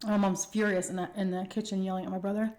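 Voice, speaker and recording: A young woman telling a personal story casually while eating, animated and acting out the quotes. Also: medium pitch, quick pace. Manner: animated retelling with acted-out quotes. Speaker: mukbang storyteller. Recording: echoey room.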